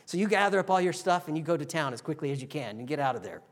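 A pastor preaching a sermon, telling the story vividly and acting out the quotes. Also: male voice, a little high, expressive, very fast, big-room sound.

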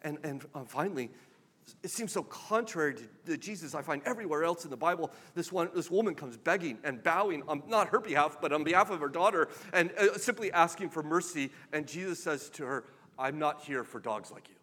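Male pastor, slightly high voice, conversational sermon, wry and emphatic. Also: lively intonation, a little fast, a bit bright, breathy edge.

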